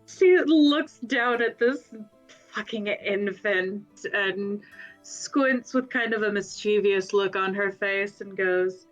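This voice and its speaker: A woman's voice: medium pitch, takes it slowly, dull audio, faint music behind. A woman playing a tabletop game, chatting casually and expressively. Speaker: player.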